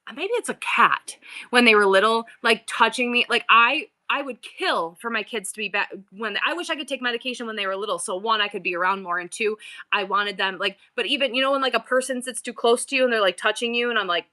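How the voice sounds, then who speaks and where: Bright, chatty woman rambling on a livestream. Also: on the high side, quick pace. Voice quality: rambling, frequent restarts, swears casually. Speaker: livestream seller host. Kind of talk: casual livestream chat.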